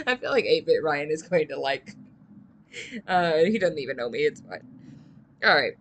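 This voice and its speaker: A woman's voice: low-pitched, sing-song, measured pace, long pauses, slight background noise. A woman streaming a game, reading its lines aloud and reacting with chatty giggles.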